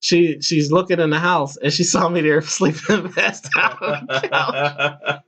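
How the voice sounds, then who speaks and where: A man's voice: fairly high pitch, measured pace, fairly bright tone. A man in his thirties hosting a podcast, telling a long personal story casually, laughing often, restarting sentences and acting out voices. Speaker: podcast host. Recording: muffled lo-fi podcast audio.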